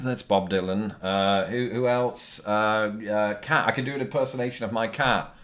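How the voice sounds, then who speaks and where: A British man with a slightly low voice talks casually to camera, answering viewer questions. He rambles, pokes fun at himself and fills pauses with ums and uhs. The sound comes from a phone mic. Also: fairly even intonation, a bit bright. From Britain. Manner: rambling and self-deprecating, with many fillers. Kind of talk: casual chat.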